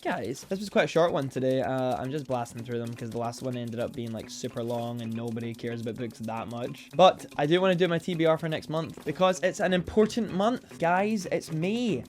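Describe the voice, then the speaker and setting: A man vlogging casual book reviews, rambling and self-deprecating as he goes. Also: medium pitch.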